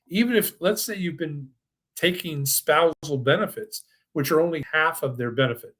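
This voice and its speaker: An older man hosting a financial webinar, giving an enthusiastic sales pitch full of restarts and then answering audience questions. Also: fairly bright tone. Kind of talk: presentation and live Q&A.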